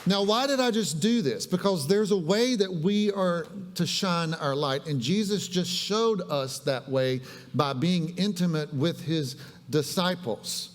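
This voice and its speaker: A male pastor with a high voice speaks unhurriedly in a casual sermon that includes a live demonstration, chatting with his congregation and telling stories with audience asides. The recording carries the long reverb of a church hall, set in the sanctuary.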